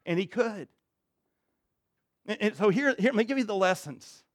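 A man preaching a sermon with a fairly high voice, close and dry with little room sound. He moves between reading scripture aloud and plain conversational comment. To stress a point he sinks low and quiet. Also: expressive, normal speed, no echo. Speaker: pastor.

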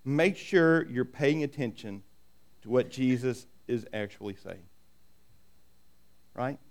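A man's voice: medium pitch, lively intonation, takes it slowly, darkish tone. A middle-aged man preaching a sermon in a conversational way, often asking "right?" and acting out quoted voices. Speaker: pastor.

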